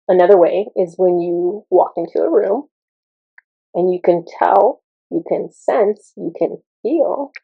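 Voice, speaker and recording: A woman in casual spiritual teaching talk, chatty and quick to laugh, with many fillers. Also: on the low side, vocal fry, breathy edge, dry recording, lo-fi sound.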